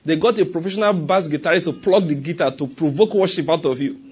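Preaching fast in a fairly high voice, a Nigerian-accented man is animated throughout his sermon. He breaks into laughing asides and gently acts out prayers.

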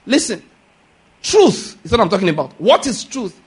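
A man's voice: high-pitched, big pitch swings, normal speed, husky. A man preaching a sermon as a pastor, pressing his points with repeated questions to the congregation. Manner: emphatic, drills points with call-and-response questions.

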